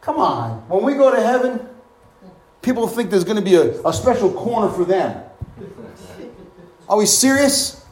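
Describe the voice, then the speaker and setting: Animated male preacher, high lively voice, echoey room, lots of exclamations and questions. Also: moderate pace, pauses often. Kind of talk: sermon.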